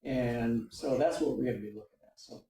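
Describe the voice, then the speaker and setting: A man's voice: medium pitch, a little fast, dark tone. A man leading an adult education class at a church, lecturing with many fillers and asking "okay?" to check in with the group. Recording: roomy, mic at a distance.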